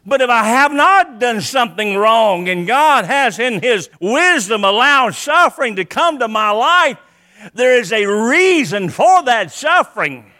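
Male preacher, very high voice, bright and forceful tone, emphatic repeated lines, church sermon. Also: animated, measured pace. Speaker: pastor.

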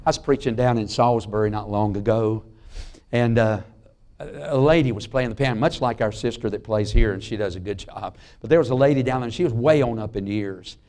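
Preacher guy in a church, folksy stories, goes quiet on the big lines. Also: mid-range voice, fairly quick. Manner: folksy storytelling with sudden drops to a hush. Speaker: pastor. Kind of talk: sermon. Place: church sanctuary.

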